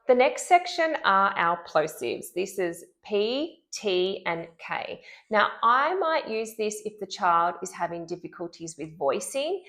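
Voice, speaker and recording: A woman speech-language pathologist talks through a therapy technique in an instructional video. Her voice sits on the low side, and she draws sounds out slowly and deliberately to demonstrate them. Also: fairly bright tone. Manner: clear, deliberate modeling of speech sounds, drawn-out sounds.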